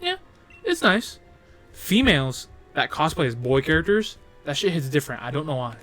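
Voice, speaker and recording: A man's voice: a little high, sing-song, normal speed, a bit bright, faint music behind. A young man co-hosting a casual podcast, rambling and swearing through stories with frequent laughs. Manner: profane, rambling, laughing storyteller. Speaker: podcast co-host.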